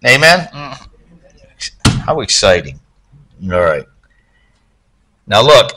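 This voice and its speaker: A man's voice: mid-range voice, sharp tone. A pastor preaching a sermon in church, talking conversationally and checking in with "okay?" as he restarts his phrases.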